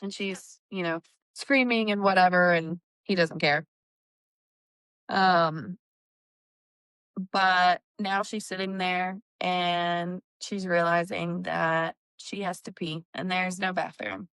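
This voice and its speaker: A woman's voice: fairly low pitch, slow, smooth, dry recording. A woman hosting a book discussion podcast, casually recapping chapters and acting out characters' lines with swearing. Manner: animated recapping, acts out quotes, swears. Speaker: book club podcast host.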